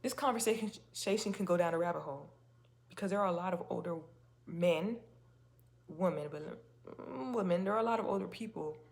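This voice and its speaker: A woman's voice: lowish voice, moderate pace, creaky. A woman hosting a faith-based talk video, speaking casually and emphatically with rhetorical questions. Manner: chatty and emphatic, with many restarts and rhetorical questions. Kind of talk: casual spoken talk to camera.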